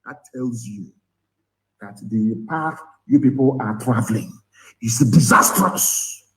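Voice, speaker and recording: A man's voice: mid-range voice, measured pace, mellow, low-quality recording. A man with a Nigerian accent giving an impassioned live broadcast, angry and scornful, firing rhetorical questions. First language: Igbo. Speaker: activist leader broadcasting.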